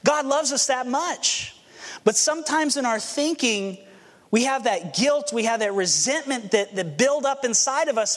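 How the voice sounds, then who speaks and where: A man's voice: very high-pitched, animated, a little slow, a bit bright. A pastor preaching a sermon, earnest and storytelling, acting out the scenes he describes. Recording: long hall reverb.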